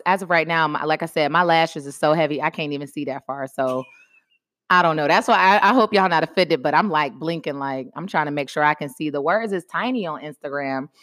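A woman's voice: low-pitched, fairly quick. A woman co-hosting a podcast, telling stories animatedly and talking straight to the audience. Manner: animated storyteller, talks to the audience as "y'all". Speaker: podcast co-host. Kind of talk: casual chat.

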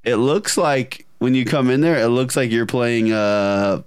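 A man's voice: medium pitch, a little slow, smooth, no echo, clean studio sound. A man co-hosting a gaming podcast, chatting casually and animatedly, often laughing. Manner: animated, laughing, putting on silly voices in anecdotes. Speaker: podcast co-host.

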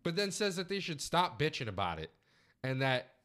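Male co-host, swinging pitch, wry and profane. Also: very animated, normal speed, a bit bright, clean tone. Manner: swearing, wry banter. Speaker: podcast co-host. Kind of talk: casual review chat.

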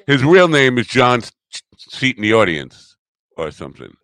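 Rambling, animated middle-aged male host. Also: medium pitch, moderate pace, no room sound. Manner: rambling, playful, lively intonation. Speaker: podcast host. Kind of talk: casual chat.

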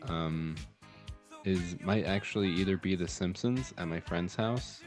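A man's voice: low voice, measured pace, music in the background. A young man co-hosting a casual podcast, speaking hesitantly with frequent ums. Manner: hesitant, lots of ums and soft restarts. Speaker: podcast co-host. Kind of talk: casual chat.

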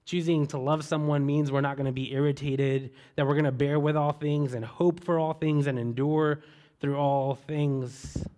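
A man preaching a sermon, telling a story in a relaxed way and asking repeated rhetorical questions. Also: on the high side.

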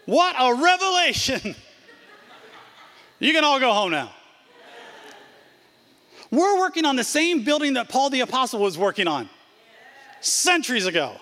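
A man's voice: extremely high pitch, very animated, unhurried, pauses often, bright, forceful tone, big-room sound. A pastor in his sixties preaching a sermon in a church, emphatic, stacking repeated phrases and dropping in casual asides. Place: church sanctuary.

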